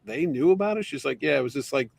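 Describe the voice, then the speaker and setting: A man's voice: mid-range voice, lively intonation, fast, gravelly, breathy edge, no echo. A man co-hosting a casual chat who jokes and acts out conversations he retells. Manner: jokey, acts out quoted exchanges. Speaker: co-host.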